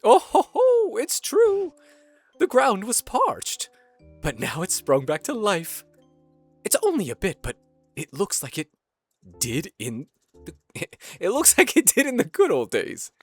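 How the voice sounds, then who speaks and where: A man voicing a lonely, hopeful survivor figure in a game playthrough, in a sing-song, drawn-out manner. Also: high voice, huge pitch swings, breathy edge, dry recording, faint music behind, pitched above the performer's own voice, full character voice. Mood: delighted. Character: lonely hopeful survivor creature of a ruined world.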